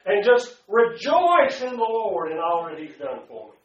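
A man preaching a sermon to a congregation, swinging from loud to hushed and calling out to the room. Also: sits high, sing-song, a little slow, echoey room, highs cut off. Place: church before a congregation.

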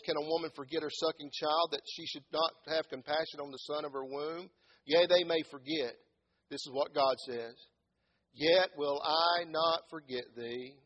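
A man preaching a sermon as pastor, swinging from loud impassioned calls down to low quiet words. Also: moderate pace, lo-fi sound. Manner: impassioned, rising to shouts and dropping low.

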